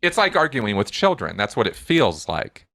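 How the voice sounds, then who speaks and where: A man hosting a podcast in a bright, forceful voice. He talks in a loose, rambling way, and his pitch shoots up when he gets worked up. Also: very animated, normal speed. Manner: gets high-pitched and heated when ranting. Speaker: podcast host. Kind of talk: conversational podcast chat.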